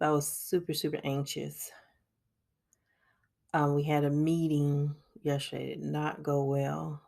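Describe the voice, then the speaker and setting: A woman's voice: low-pitched, flat delivery, measured pace, creaky, long pauses, mellow. A woman, chatting casually to viewers while walking through her monthly budget. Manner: chatty, addresses viewers as y'all, laughs often. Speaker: budgeting vlogger. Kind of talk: casual screen-recorded budget walkthrough.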